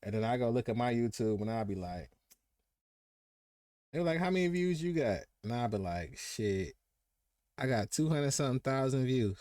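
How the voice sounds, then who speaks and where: A man's voice: mid-range voice, animated, moderate pace, pauses often, dark tone, no echo, studio quality. A young man hosting a live podcast stream, telling stories in casual slang and acting out what people said. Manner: laid-back slangy storytelling, acts out quotes. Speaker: podcast host.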